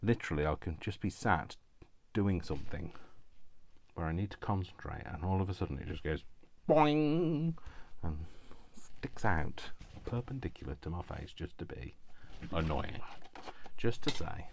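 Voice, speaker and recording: A man's voice: deep voice, lively intonation, normal speed, vocal fry. A man chatting casually while he crafts at home, rambling and self-deprecating and laughing often. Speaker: crafting YouTuber.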